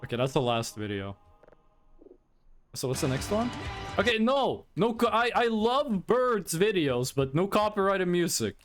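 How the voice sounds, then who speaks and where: A man's voice: high voice, sing-song, a little slow, soft background music. A man from Norway with a Norwegian accent, chatting casually on a live stream, laughing, swearing and rambling as he reacts to clips.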